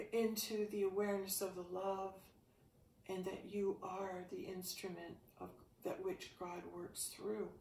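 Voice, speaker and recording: A woman's voice: medium pitch, creaky, a little mellow, slight background noise. A woman teaching a yoga class who talks about the spirit and asks earnest questions while she stretches. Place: indoor room, exercise mat. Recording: roomy sound, distant from the mic.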